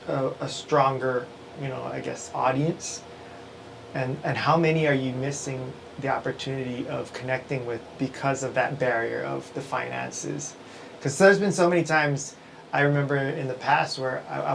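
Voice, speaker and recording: A man's voice: mid-range voice, gravelly, poor audio. A man in the middle of his range chats casually as host of a livestream. He rambles, restarts his sentences and often breaks into a chuckle, and a faint hiss sits under his voice. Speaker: live show host.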